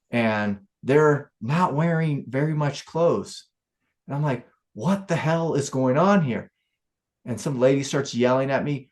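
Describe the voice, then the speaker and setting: Man giving a casual spiritual talk. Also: medium pitch. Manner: casual storytelling, animated. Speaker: spiritual teacher. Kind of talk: satsang talk.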